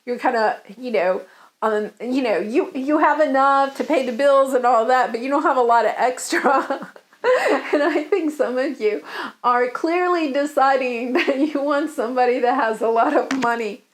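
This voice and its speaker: A woman's voice: sits high, normal speed. A woman giving a casual tarot love reading, chatty and giggly, with many fillers. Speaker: tarot reader.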